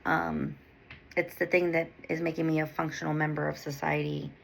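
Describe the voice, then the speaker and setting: A woman's voice: low voice, flat delivery, moderate pace, gravelly, a little hiss or hum, low-quality recording. A woman podcast host and nurse coach talking in a candid, rambling monologue, swearing freely. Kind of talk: casual monologue.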